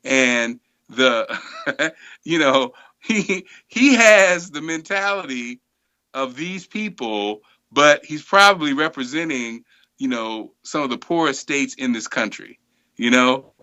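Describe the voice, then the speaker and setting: Guy hosting a live studio show, gets all worked up, bright voice, kinda muffled stream audio. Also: mid-range voice, takes it slowly. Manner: animated, emphatic, gets fired up. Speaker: host.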